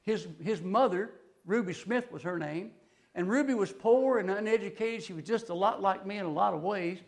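Folksy older preacher, high voice. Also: male voice, normal speed, creaky. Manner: folksy, rambling storyteller with restarts. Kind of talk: folksy sermon with stories.

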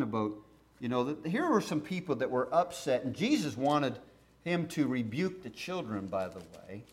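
A middle-aged man with a voice on the high side preaches a sermon. He reads scripture aloud, then talks it through in a lively, conversational way.

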